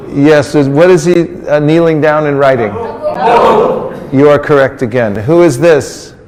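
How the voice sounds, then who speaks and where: A man's voice: on the high side, a little slow, a little mellow. Man leading an interactive sermon in a reverberant hall. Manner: coaxing the audience into call-and-response answers; playful, teasing. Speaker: religious teacher. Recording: long reverb of a large hall.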